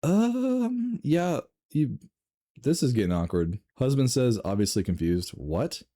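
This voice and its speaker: A man reading online stories aloud and reacting with laughs, swearing and sudden jumps in pitch. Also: big pitch swings, slow pace, warm tone. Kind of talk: casual reading and commentary.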